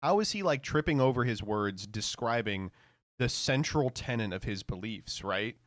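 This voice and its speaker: A man's voice: medium pitch, lively intonation, normal speed, no echo, studio quality. A man streaming casual reaction commentary, swearing freely, mocking the clip and laughing often.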